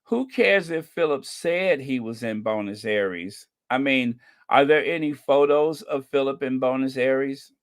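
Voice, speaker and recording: An American channel host delivers casual commentary in a sarcastic, mocking tone. The talk rambles at an unhurried pace, with a pitch that sits in the middle range. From United States.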